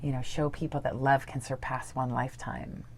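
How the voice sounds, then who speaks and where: A woman with an unusually low voice and a gravelly edge. She talks through a personal story earnestly, in casual interview style with lots of fillers. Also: level tone, moderate pace, a little mellow, slight background noise. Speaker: guest.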